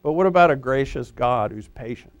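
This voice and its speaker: A man preaching an expository sermon in a conversational, animated way, often restarting his sentences. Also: mid-range voice, fairly quick, no echo, muffled recording. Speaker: pastor; former high school teacher.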